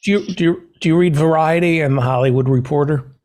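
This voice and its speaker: A man hosting a casual talk show, joking in a dry, self-deprecating, deadpan way. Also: a little high, fast talker. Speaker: podcast host. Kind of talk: casual chat.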